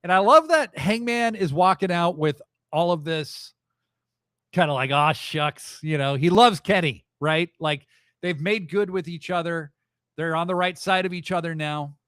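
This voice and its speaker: A man hosting a live wrestling podcast, recapping events in a rambling, excitable, profane way. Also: sits high, moderate pace, clear, resonant tone, no echo, studio quality. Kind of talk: casual live show recap.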